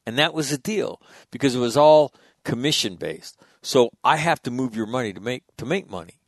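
A man's voice: mid-range voice, moderate pace, no echo. Blunt, profane man telling stories, dry. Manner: blunt, profane, animated storyteller. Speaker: Marine veteran guest. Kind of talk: casual storytelling interview.

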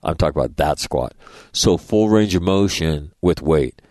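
A man's voice: a bass voice, expressive, normal speed, a little mellow, dry recording. A middle-aged man hosting a radio show, telling rambling, profane anecdotes and acting out the dialogue in a casual monologue.

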